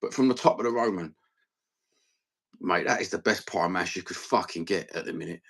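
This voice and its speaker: A man's voice: sits low, fairly quick, creaky, fairly bright tone, slightly rough. A middle-aged man with an East London accent, hosting a rambling live stream, talking in sweary, blokey banter.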